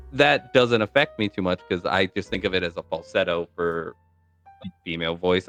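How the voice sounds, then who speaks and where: A man's voice: deep voice, fairly bright tone. A man from New York hosting a podcast, chatting casually about voice acting in a rambling, explanatory way. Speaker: podcast host.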